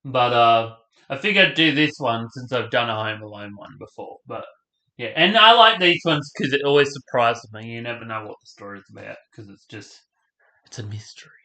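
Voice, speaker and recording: A young man talks casually while reacting to a video, rambling and trailing off mid-thought. His voice is bright and sits at a middle pitch. The room around him is echoey. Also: animated, normal speed. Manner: rambling, trailing off, talking with mouth full. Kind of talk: casual chat.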